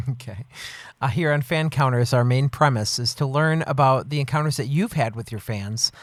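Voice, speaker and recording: A man's voice: mid-range voice, normal speed, no room sound, clean studio sound. A man hosting a podcast, asking easygoing interview questions and giving short reactions. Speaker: podcast host.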